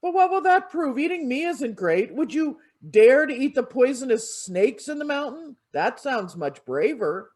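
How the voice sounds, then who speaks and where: A clever, cheeky old male monk from a told fable, voiced by a minister. He sounds sly and coaxing, and his voice sits a little high. It is delivered from the pulpit during a sermon. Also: big pitch swings, a little slow, few pauses, a little mellow, full character voice.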